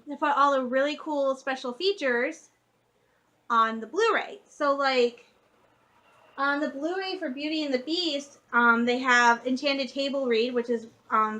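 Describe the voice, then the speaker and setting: A young woman from Michigan chatting excitedly in a casual vlog, gushing like a fan, with lots of fillers and restarts. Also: high-pitched. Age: young adult. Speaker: vlogger.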